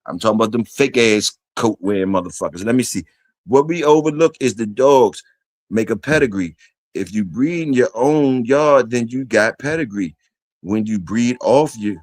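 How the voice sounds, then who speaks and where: Profane, laid-back livestream host, dry sound. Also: male voice, fairly low pitch, no room sound. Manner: loose, profane, talks to chat and reads comments aloud. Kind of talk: casual solo livestream chat.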